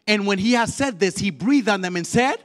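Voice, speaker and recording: A male evangelist preaching a fiery sermon in a church, leading call-and-response and swinging from quiet words to shouted, repeated lines. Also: sits high, lively intonation, fairly quick. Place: church sanctuary. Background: faint music from the musicians.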